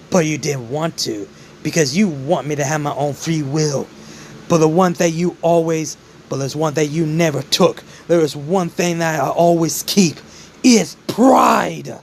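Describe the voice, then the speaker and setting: A man's voice: fairly high pitch, measured pace, a little hiss or hum. A man voicing a defiant young hero who speaks earnestly, for a fan-made story.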